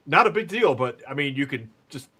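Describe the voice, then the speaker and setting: Hosting a casual podcast, a man from Michigan's Upper Peninsula cracks wry jokes and offers dry commentary. His mid-range voice is animated, fairly quick, bright, forceful, and husky.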